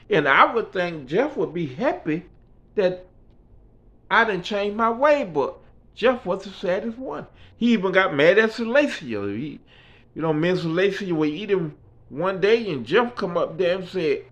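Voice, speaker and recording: A man's voice: high voice, big pitch swings, unhurried, a bit bright. A man telling his life story in a casual, rambling way, with frequent fillers. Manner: rambling, fillers like "you know" and "right".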